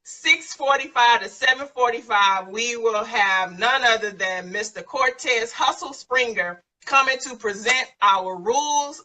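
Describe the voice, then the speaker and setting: A woman's voice: medium pitch, sharp tone, far from the mic, rough recording. A woman hosting a live online show, emotional and effusive, thanking guests and announcing an event. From San Antonio, Texas. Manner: emotional, effusive, laughs often. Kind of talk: live-stream chat and announcements.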